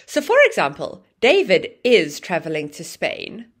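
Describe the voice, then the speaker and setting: A woman with a lowish voice teaches English grammar a little slowly, her pitch swooping wildly. She explains clearly and acts out example phrases with exaggerated rising and falling intonation.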